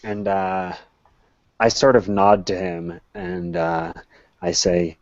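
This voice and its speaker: A man playing a tabletop game, measured and a little hesitant as he describes his actions. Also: sits low, steady tone, darkish tone, dry recording, dull audio. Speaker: player. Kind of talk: tabletop role-play.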